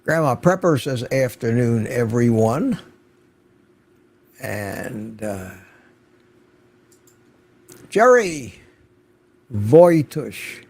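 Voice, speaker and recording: Gravelly older man hosting a livestream. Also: medium pitch, very animated, extremely slow, pauses often. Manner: chatty, greeting viewers by name from the chat. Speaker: livestream host. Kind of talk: unscripted livestream chat.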